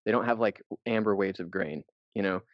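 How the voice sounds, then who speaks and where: This lowish-voiced American man talks briskly while co-hosting a podcast, telling a wandering travel story with casual profanity. There's no room sound, and the lo-fi audio is dull and dry.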